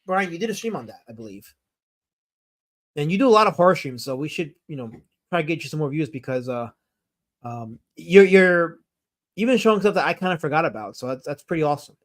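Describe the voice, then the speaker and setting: A man's voice: fairly high pitch, expressive, brisk. A man hosting a casual live stream, reading viewer comments and rambling enthusiastically with fillers and self-corrections. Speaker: streamer host.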